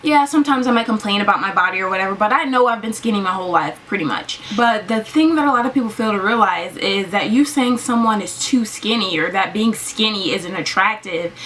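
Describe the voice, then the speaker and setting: A woman's voice: medium pitch, animated, moderate pace, a bit bright, slight background noise. A young woman vlogger ranting casually to camera, filling her talk with "like". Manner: ranting, heavy use of "like". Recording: slightly distant mic.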